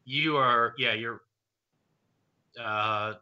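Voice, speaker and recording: A man narrates a tabletop game, stopping often with ums and uhs. His voice is very bright and a touch forceful, heard through muffled lo-fi stream audio. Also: mid-range voice, very slow. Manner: hesitant, many ums and uhs. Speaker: game master.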